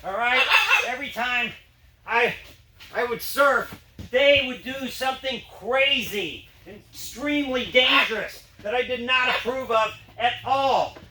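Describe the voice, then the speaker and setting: A man's voice: very high voice, a little slow. A man telling a playful story while performing with his dogs for an audience. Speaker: juggler and dog trick performer. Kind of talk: storytelling to an audience during a show. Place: performance space. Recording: echoey room from far off, noisy.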